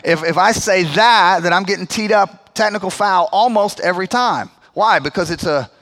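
A man preaching a sermon in a conversational, animated way, dropping to low, quiet emphasis on key points. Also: moderate pace. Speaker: pastor.

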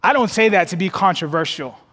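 A male pastor preaches in a high, bright voice that climbs and swells for emphasis. His delivery is folksy and direct, calling the congregation y'all. The sound carries a long reverb from a church sanctuary. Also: fairly quick. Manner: expressive preaching, climbs higher and louder for emphasis. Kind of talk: sermon.

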